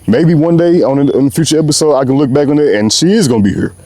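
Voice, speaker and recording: A young man speaks from the heart in a loose, slang-filled ramble, calling his listeners "bro" as he goes. His voice is mellow and relaxed, and the sound is close and dry with no room echo. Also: on the high side, fast. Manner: passionate, rambling, slangy, often says "bro". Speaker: podcast host. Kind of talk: unscripted heartfelt monologue.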